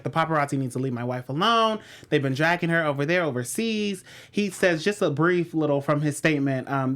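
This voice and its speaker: Expressive low-voiced woman co-host. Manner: expressive, sliding pitch, quick back-channel hums. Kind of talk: casual celebrity gossip chat.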